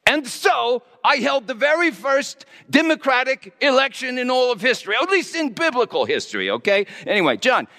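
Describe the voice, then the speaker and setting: A man's voice: very high-pitched, sing-song, normal speed, few pauses, pushed and bright, big-room sound, heavily acted. A man playing Pontius Pilate as a conflicted Roman governor, speaking a stammering, confessional monologue in character. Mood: anxious. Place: church hall.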